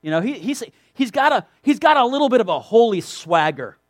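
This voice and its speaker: Lively high-voiced male preacher. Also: brisk, dry recording. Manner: animated, emphatic preaching with asides and restarts. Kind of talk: sermon to a youth group.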